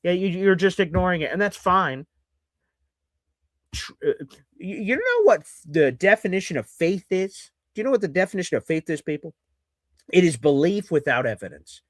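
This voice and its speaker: Sarcastic, ranting sports host, man, high-pitched, dry booth sound. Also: big pitch swings, moderate pace, no echo. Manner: ranting and sarcastic, mocking fans in put-on voices. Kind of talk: live sports reaction talk.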